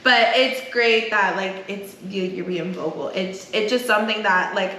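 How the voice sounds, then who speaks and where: A woman co-hosting a podcast, casual and supportive, quick to agree. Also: mid-range voice, sharp tone. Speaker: podcast co-host. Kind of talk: casual chat. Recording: echoey room, faint noise.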